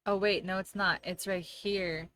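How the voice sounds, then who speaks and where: At home, a young woman plays a game on stream and talks loosely with her audience, rambling, laughing and reading chat aloud. Her mid-range voice is fairly bright and a little slow, with fairly even intonation, and there's a slight hiss or hum on the audio.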